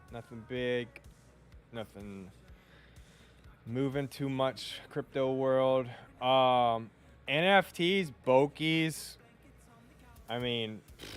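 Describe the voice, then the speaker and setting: A man hosting a podcast, talking loosely and offhand with plenty of fillers. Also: medium pitch. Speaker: podcast host. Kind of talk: casual chat.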